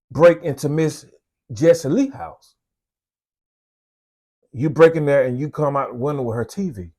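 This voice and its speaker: Talking folksy and conversational to the camera, a Southern-accented police officer runs his own channel and tends to repeat his points. His voice is a little high with a darkish tone.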